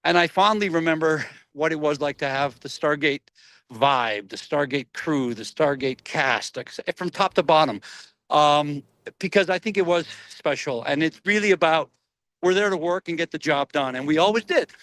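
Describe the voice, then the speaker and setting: Laughing frequently, a middle-aged actor shares lively stories and performs different voices as a guest in a relaxed interview. His voice sits a little high, his pace is normal, and the recording has no room sound.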